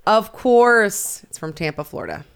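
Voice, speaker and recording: A young woman co-hosts a relaxed chat, reading headlines aloud. She laughs often and keeps things light and playful. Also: mid-range voice, creaky, smooth. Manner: giggly, playful, quick to laugh. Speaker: podcast co-host.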